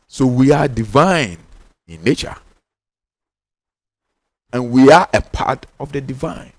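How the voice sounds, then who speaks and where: A man with a Ghanaian accent delivers a spiritual teaching in an animated, medium-pitched voice, recorded dry. He is emphatic and insistent, repeating key lines and drawing out the words he stresses.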